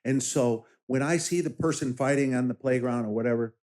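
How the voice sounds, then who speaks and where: A man's voice: medium pitch, a little fast, darkish tone. Emphatic, direct middle-aged man. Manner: emphatic, direct, tells anecdotes with quoted voices. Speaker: political candidate, former law enforcement officer. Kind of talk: casual interview conversation.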